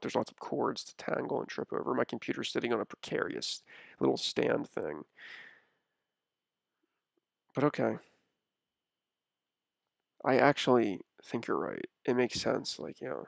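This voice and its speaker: A man's voice: medium pitch, gravelly, dry recording, clean studio sound. A man streaming from a room at home, talking in a rambling, stammering, mock-indignant way. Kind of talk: casual comedic stream chat.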